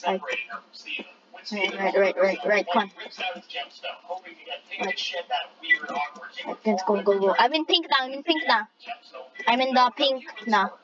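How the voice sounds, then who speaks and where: A female gamer giving excitable live commentary on a race, with shrieking exclamations and jokey trash talk. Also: a little high, takes it slowly, pauses often, lo-fi sound, crowd noise.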